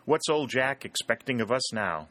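Male reader as a wisecracking young soldier, a touch higher, bright. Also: expressive, moderate pace. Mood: teasing. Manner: teasing.

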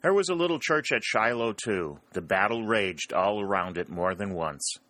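A man's voice: fairly low pitch, animated, moderate pace, sharp tone, no room sound. Man putting on an eager young Union soldier. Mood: hopeful. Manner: earnest and hopeful.

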